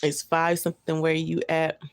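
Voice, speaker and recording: On a livestream, a woman with a low, gravelly, monotone voice chats casually with viewers at a moderate pace. She talks loosely in slang, reads their comments, and chuckles often. The recording is dry.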